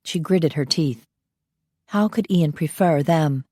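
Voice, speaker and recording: A woman narrating a paranormal romance audiobook in an even, measured storytelling voice. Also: deep voice, no echo, clean studio sound. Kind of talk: scripted narration.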